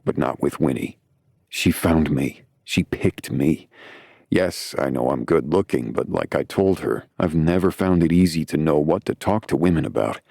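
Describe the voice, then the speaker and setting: A man narrates a first-person romance audiobook in a low-key, wry way. His voice is very deep with a gravelly rasp. It sounds close to the mic in a dry, dead studio. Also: animated, moderate pace, mellow, no room sound.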